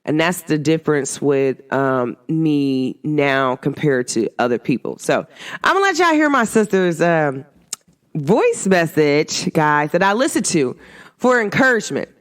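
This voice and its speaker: A woman hosting a podcast, talking casually in a rambling, animated way with many fillers. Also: sits low, measured pace. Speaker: podcast host.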